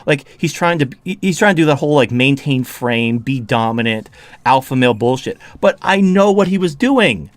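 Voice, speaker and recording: A man's voice: medium pitch, expressive, moderate pace, no room sound. A man hosting a podcast, ranting in a heated, profane, mocking way. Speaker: podcast host.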